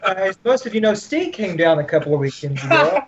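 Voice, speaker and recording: Deadpan man on a dull call line. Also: high voice, brisk. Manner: deadpan joking. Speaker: podcast co-host. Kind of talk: joking casual chat.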